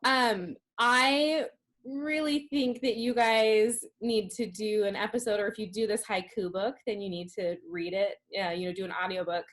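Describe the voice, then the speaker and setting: A woman guest on a video call, talking casually, earnest and emphatic, and speeding up when excited. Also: mid-range voice, moderate pace. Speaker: podcast listener guest. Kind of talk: casual chat.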